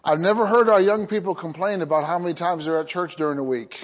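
A man's voice: high-pitched, fast, muffled recording. A man preaching to his congregation as pastor, reading jokes with chuckles and asking "amen?" between points. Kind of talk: sermon.

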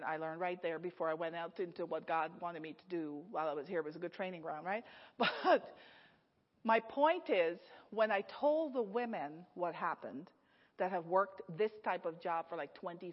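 A middle-aged woman preaching a storytelling sermon, animated, laughing often and acting out the people in her story. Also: on the low side, normal speed. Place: church hall. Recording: echoey hall, slightly dull sound.

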